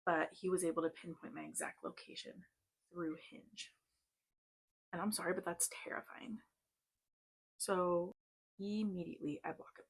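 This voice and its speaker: Husky woman in her 30s, gravelly voice, chatty storytime, says like a lot. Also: lowish voice, fairly even intonation, moderate pace, pauses often. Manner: chatty, lots of "like", tense retelling. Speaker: vlogger. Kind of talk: casual storytime while doing makeup.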